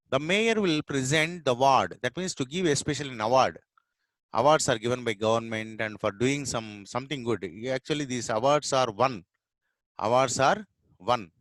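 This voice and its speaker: A middle-aged Indian man with an Indian English accent explains English vocabulary slowly, repeating words and pausing on fillers. His voice sits at an ordinary pitch, recorded close and dry with no room sound. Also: fairly bright tone, no echo. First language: Telugu. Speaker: English teacher. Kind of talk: explanatory lesson.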